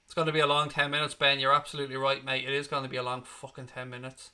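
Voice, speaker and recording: A football fan channel host runs a live watchalong, reacting bluntly to the match, swearing freely, and talking his viewers through the action. His mid-range voice is monotone and very fast, with a sharp, clear, resonant tone.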